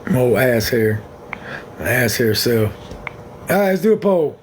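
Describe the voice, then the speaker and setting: Talking in a sing-song, mid-range voice and a bit slowly, a man hosts a casual livestream, speaking to phone viewers in a blunt, frank, rambling way. The background is noisy.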